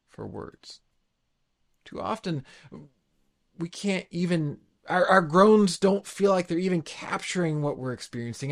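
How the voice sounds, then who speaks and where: Pastor, man, late thirties, gravelly, earnest sermon with halting restarts. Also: a little high.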